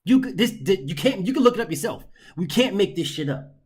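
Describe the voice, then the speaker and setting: A man's voice: high-pitched, very animated, brisk, darkish tone, husky. A man hosting a boxing commentary show, ranting in an exasperated, profane way and hammering points through repetition.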